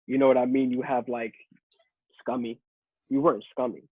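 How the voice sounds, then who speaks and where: A man's voice: mid-range voice, little pitch movement, normal speed, dry recording. A man co-hosting a casual podcast chat, talking loosely and often repeating words. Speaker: podcast co-host. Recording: husky voice over thin phone-like line.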